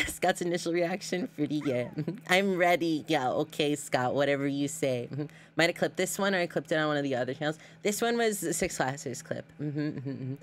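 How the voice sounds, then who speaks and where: A woman's voice: deep voice, animated, moderate pace, few pauses, a little hiss or hum. A woman streamer chatting casually while reacting to clips, giggly and talkative with lots of fillers.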